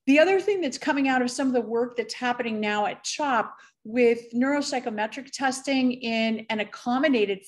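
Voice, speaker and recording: Middle-aged woman doctor presenting at a conference, fairly high voice, careful and measured, lots of ums. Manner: measured, careful, with frequent fillers. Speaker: physician presenter.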